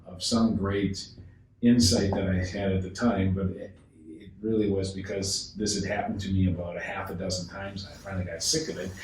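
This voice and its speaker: A man who is a guest on a podcast, telling a sales story with animated delivery, acting out the dialogue and often restarting his sentences. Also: low-pitched. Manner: acts out dialogue, frequent restarts. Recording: echoey room, distant mic, faint noise.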